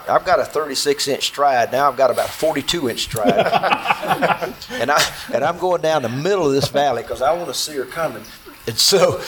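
A man recounts a close call to a small audience seated around him. His pitch sits squarely in the middle of the range, and his delivery is intense and halting, full of restarts and repeated words. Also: a bit bright, a little hiss or hum. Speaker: bowhunter telling a story. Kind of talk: personal storytelling to a small audience.

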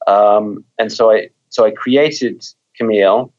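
A man with a lowish voice, talking as a guest author. He is thoughtful and loose, and he often restarts his words. The audio is dull and lo-fi. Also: slow pace, darkish tone. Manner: thoughtful, repeats words while thinking. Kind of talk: conversational interview.

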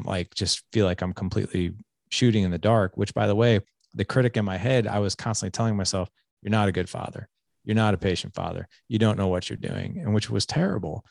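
A man's voice: fairly low pitch, creaky, a little mellow, no echo, clean studio sound. A man in his forties, a podcast guest, earnestly telling a personal story in a candid, confessional way. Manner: earnest, confessional, with frequent restarts and "like".

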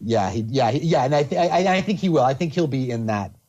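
Rambling, animated man in casual chat. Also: medium pitch, fast, lo-fi sound. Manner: rambling, animated, restarts a lot.

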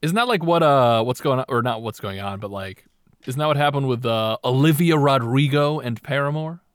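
A man in his twenties co-hosting a podcast in casual, jokey chat, often laughing and breaking into silly high voices. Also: fairly quick, no echo, clean studio sound. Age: 20s. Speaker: podcast co-host.

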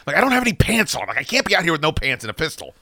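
A male podcast host telling a story in a casual, profane way, his pitch swinging widely as he acts out what he yelled. His voice is bright and forceful. Dry, close studio sound. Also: very fast, no room sound. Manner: profane, animated, acts out his own shouting.

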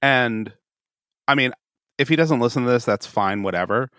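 A man's voice: medium pitch, moderate pace, a bit bright, no room sound. Chill guy cohosting a podcast, laughs a lot, says dude, dry close sound. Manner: laid-back, laughs often, says dude. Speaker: podcast co-host. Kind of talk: casual chat.

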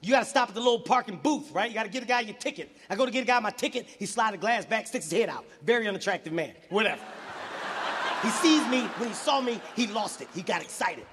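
A man performing a live stand-up routine, profane and shouty as he tells his stories. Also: sits high, fast, a little hiss or hum. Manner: profane, shouty, animated storytelling. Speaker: stand-up comedian. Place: large live venue. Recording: live venue with reverb and audience. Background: audience laughter.

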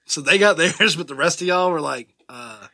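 A man jokes and teases in a high, bright voice. He drops into quick made-up bits of other people. The recording is dry and close. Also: animated, no echo. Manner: teasing, jokey, acts out bits. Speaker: podcast co-host. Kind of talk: casual banter.

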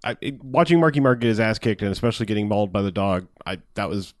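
A man's voice: on the low side, fast talker, no room sound, studio quality. A man hosting a casual movie review chat, rambling and laughing as he talks. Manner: rambling, animated, laughs often, restarts. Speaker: podcast host.

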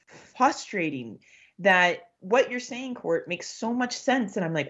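Woman from Canada, low voice, passionate swearing chat, slightly dull recording. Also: normal speed, fairly bright tone. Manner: passionate, swearing, laughs often. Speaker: podcast guest. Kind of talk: casual chat.

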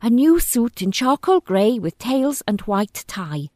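A woman's voice: fairly high pitch, very animated, unhurried, mellow, no echo, studio quality, voice pushed up. A woman voicing a panicky young groom who talks frantically in a raised voice, in a storybook reading. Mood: frantic. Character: panicky young groom after a stag night.

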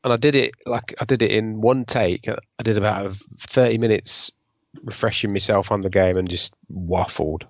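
Gravelly low-voiced man joking around. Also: normal speed, dull audio. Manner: joking, self-mocking, waffly. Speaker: podcast co-host, quiz contestant. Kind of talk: casual chat.

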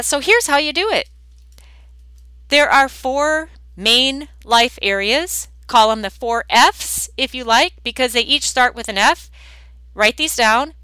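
A woman's voice: high voice, pushed and bright, clear, resonant tone, dry recording. A woman hosting her own podcast as a weight loss coach, talking bluntly and directly in a sing-song way. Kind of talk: direct solo podcast talk.

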